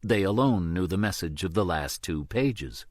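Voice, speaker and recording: A man narrating an audiobook in a steady, measured way. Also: low-pitched, no echo, clean studio sound.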